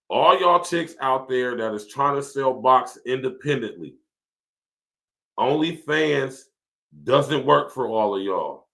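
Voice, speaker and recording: A man with a mid-range, creaky, fairly bright voice hosts a podcast at a slow pace with lively intonation. He rants casually and profanely in a livestream style, laughing often and reading viewer comments aloud.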